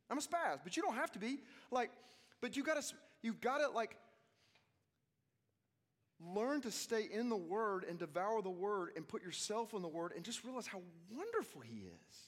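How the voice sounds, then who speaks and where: A man preaches with restless energy, his slightly high voice dropping to hushed asides and then jumping up in excited bursts as he acts out scenes. His voice rings out with a long hall reverb around it. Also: normal speed, long pauses. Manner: animated, swings between hushed and loud, acts out quotes. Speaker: youth conference speaker. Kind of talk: energetic sermon.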